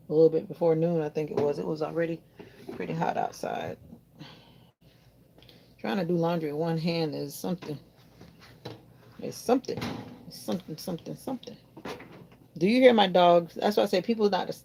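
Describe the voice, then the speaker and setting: A woman's voice: lowish voice, gravelly, warm tone, slight background noise. Chatty woman vlogging at home. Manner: chatty, rambling, talks to viewers. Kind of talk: casual chat while doing chores. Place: home in Florida.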